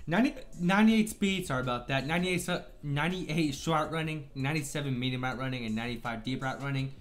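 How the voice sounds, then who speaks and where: A man's voice: medium pitch, steady tone, fast, fairly bright tone. A man hosting a gaming channel, talking through game cards in a chatty, upbeat way and apologizing for slips while he has the hiccups. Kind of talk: casual video game commentary.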